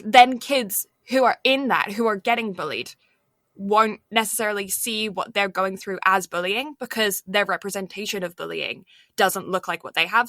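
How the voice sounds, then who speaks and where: Bright-voiced woman chatting casually. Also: mid-range voice, no room sound. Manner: rambling, lots of filler words. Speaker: podcast co-host. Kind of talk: casual chat.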